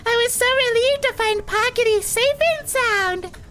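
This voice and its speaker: A woman voicing a sweet, gentle young girl in a video game, chirpy and earnest. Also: very high voice, measured pace, faint music behind. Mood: cheerful.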